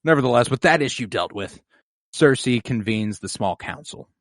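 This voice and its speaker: A man's voice: medium pitch, animated, dry recording, clean studio sound. A man co-hosting a podcast in casual chat, swearing freely and acting out characters' lines. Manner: swears freely, acts out characters' lines in quick mock voices. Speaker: podcast co-host recapping episodes.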